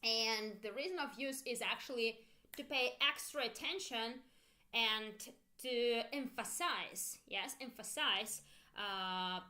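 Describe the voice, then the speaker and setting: A woman's voice: on the high side, takes it slowly, sharp tone. A woman whose first language is Russian teaches an online English grammar lesson, repeating phrases for learners to echo.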